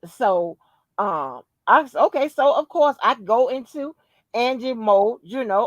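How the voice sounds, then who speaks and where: Unhurried and a little high, this woman's voice carries a podcast story told in casual chat, laced with curses and strong emphasis. She comes across as an emphatic, foul-mouthed, lively storyteller. The recording is muffled but free of echo.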